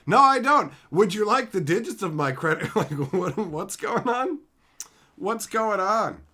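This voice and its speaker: A man hosts a casual livestream, answering his chat with boastful, swearing jokes, calling people bro and son. His voice is bright and fairly high for a man, and it leaps around in pitch as he clowns. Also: measured pace. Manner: lively swings in pitch and loudness, mock shouting. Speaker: livestream host. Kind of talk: casual livestream chat reading viewer comments.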